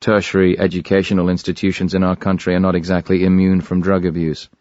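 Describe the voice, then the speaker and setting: A man narrating a thriller audiobook in the first person, with a measured, even delivery. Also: low voice, dry recording, lo-fi sound.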